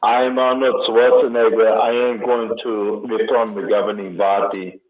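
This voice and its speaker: A man's voice: on the low side, level tone, moderate pace, phone-quality sound, lightly acted. A man doing a stiff governor impression. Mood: grandstanding. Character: impression of a famous bodybuilder-turned-governor.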